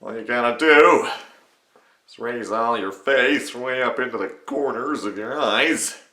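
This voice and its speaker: A man putting on a nasal, squinty, deadpan impression of a famous actor, with an American accent and stretched vowels. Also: mid-range voice, voice pushed up. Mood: instructive. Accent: American, put on. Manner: measured, deadpan delivery with odd stretched vowels. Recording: echoey room.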